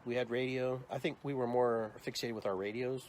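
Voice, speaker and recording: Animated storytelling podcast host, a man. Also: medium pitch, a little fast, slight background noise. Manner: animated, acts out the people in his stories. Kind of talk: casual storytelling interview.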